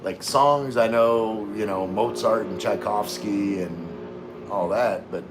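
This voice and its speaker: A man's voice: on the low side, slow, noisy background. A man hosting a casual live stream, reading viewer comments aloud in an easygoing way with frequent laughs. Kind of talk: casual livestream chat.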